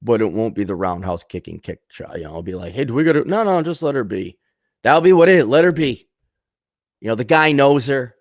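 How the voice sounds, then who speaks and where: A man's voice: mid-range voice, very animated, moderate pace, no room sound, studio quality. A man giving ranting commentary in a blunt, sarcastic, mocking manner.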